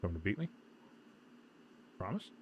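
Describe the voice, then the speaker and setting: A man hosting a live sports watch-along stream, chatting casually and calling plays, loud when the action picks up and muttering asides in between, with some swearing. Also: low-pitched, moderate pace, highs cut off, slight background noise. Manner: excitable, swings from loud play calls to muttered asides, swears. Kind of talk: casual live game commentary.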